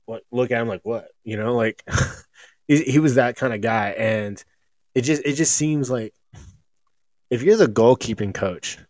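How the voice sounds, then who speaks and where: A man's voice: mid-range voice, a little slow, long pauses, darkish tone, no echo. A man guesting on a sports talk show, speaking in a loose, rambling way with lots of restarts. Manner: rambling, many restarts and fillers. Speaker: podcast guest. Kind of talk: casual sports chat.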